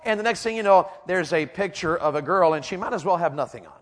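Guy preaching, keeps asking the crowd "how many of y'all", pitch sits a bit high. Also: animated, fast talker, hardly any pauses, in a large hall. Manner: rhetorical questions and call-and-response. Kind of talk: sermon. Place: church auditorium.

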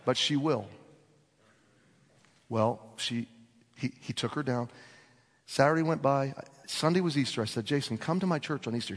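A man preaching a sermon, telling a story and acting out the dialogue with lively swings in voice. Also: mid-range voice. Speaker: pastor. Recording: long reverb of a large hall.

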